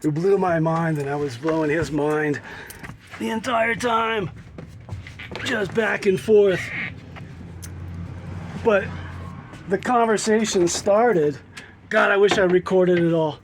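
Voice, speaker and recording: With a high-pitched, steady voice, the man vlogs slowly and with long pauses, musing casually and laughing occasionally. There's slight background noise as he goes from outdoors on the road into his vehicle on a cold morning.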